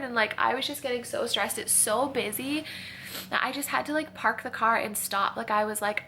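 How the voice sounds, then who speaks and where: A woman's voice: a little high, moderate pace, pushed and bright, slight background noise. A young woman chatting to her camera at home, rambling and confessional, tired and tearful with sniffles. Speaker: vlogger. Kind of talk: casual chat. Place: at home in a kitchen.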